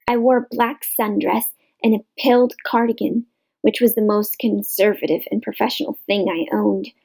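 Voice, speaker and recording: A woman reading a novel aloud in measured literary narration, in a rough home recording. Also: medium pitch, fairly even intonation, a little mellow, low-quality recording. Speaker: audiobook reader.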